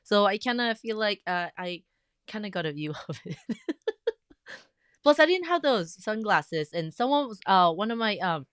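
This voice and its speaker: A woman hosting a casual craft livestream, chatting and greeting viewers by name with bursts of excitement. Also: medium pitch, moderate pace, smooth, dry recording, studio quality. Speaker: livestream host of a quilting group.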